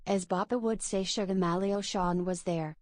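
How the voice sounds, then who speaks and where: A woman's synthetic text-to-speech voice reading donation messages in a flat, even manner. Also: medium pitch, moderate pace.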